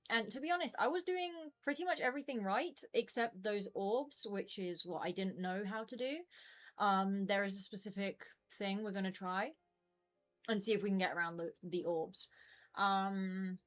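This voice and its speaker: Chatty young woman streaming from home. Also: medium pitch. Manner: chatty and rambling, many fillers. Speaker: game streamer. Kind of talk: casual chat to stream viewers.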